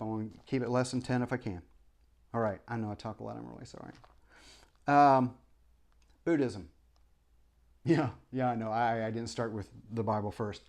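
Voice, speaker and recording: A man's voice: mid-range voice, darkish tone. A man, a former preacher, in a rambling opinion monologue to camera. He stumbles through many restarts and apologies and fires off impassioned rhetorical questions. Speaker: vlogger.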